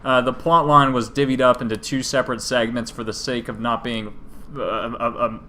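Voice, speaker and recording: A man's voice: mid-range voice, steady tone, normal speed, pushed and bright, slight background noise. A man co-hosting a casual podcast, retelling a story in a joking, rambling way and dropping into silly voices. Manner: jokey, rambling retelling with put-on character voices. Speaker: podcast co-host.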